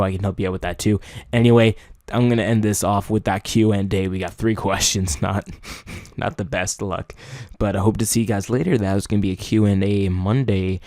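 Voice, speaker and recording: A young man giving casual video-making tips, rambling and correcting himself, sometimes mumbling and then jumping into loud high-pitched bursts. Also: no room sound, clean studio sound. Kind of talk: casual unscripted chat.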